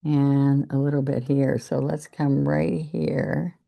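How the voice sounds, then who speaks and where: Older woman painting instructor, mellow and gravelly, slow and even, chatty demo. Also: extremely low pitch. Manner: chatty, encouraging, talks while working. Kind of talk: relaxed painting demonstration.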